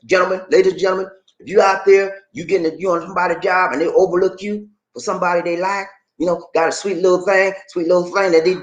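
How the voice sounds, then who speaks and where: A middle-aged man vlogging at home in casual commentary, animated, rambling and emphatic. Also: sits high, fast, muffled recording. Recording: roomy echo.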